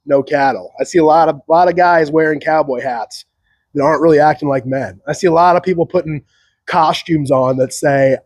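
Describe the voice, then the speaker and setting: Dude rambling solo to camera, lots of "like", chuckles a lot, slightly high voice. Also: male voice, brisk, darkish tone, no echo. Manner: rambling, many "like" fillers, laughs between remarks. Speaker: channel host. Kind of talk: solo commentary monologue.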